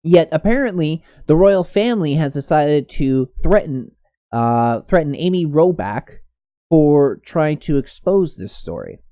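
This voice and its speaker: Guy ranting over news clips, dark mellow voice, dry close sound, lots of restarts. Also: on the high side, animated, measured pace, no room sound. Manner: rambling, many restarts and fillers. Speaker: commentary host. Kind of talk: casual political commentary.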